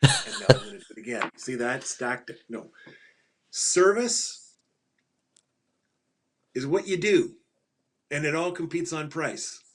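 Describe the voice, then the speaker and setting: With a slightly high voice swinging hugely in pitch, a middle-aged man speaks unhurriedly and pauses often, with a little background noise audible. He's a financial advisor guesting on an interview podcast, emphatically telling stories, repeating punchlines, and laughing at his own jokes.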